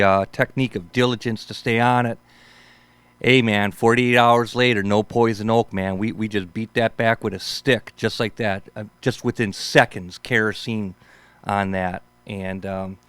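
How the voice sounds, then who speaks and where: Speaking a little slowly, the fifty-something male host has a steady, medium-pitched voice with a touch of brightness and a clean, echo-free sound. His stories wander casually and easily, dotted with "man" and "for sure."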